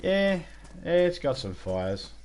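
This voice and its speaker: A man's voice: mid-range voice, moderate pace. Laid-back Australian man streaming. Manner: rambling, laid-back, self-mocking, swears freely. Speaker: game streamer chatting with viewers. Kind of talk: casual live-stream chat.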